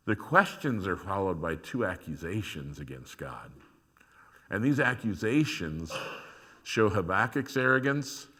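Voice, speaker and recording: Pastor, male, sermon delivery: bright, lively pitch, swings from hushed to emphatic. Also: a little slow, breathy edge. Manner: acts out prayers and complaints to God in dramatic voices; rises from quiet reflection to loud emphasis.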